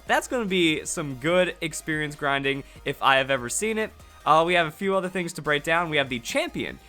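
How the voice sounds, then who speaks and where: A man giving excited, fast commentary on a game, restarting his sentences often. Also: fairly high pitch. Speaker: gaming youtuber.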